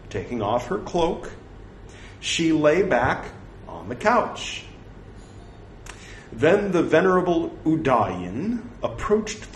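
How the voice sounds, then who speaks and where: A man recites old scripture at an unhurried pace. His pitch moves a good deal as he reads. The recording sits in an echoey room with a faint hiss behind it. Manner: slow, measured reading. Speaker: scripture reader.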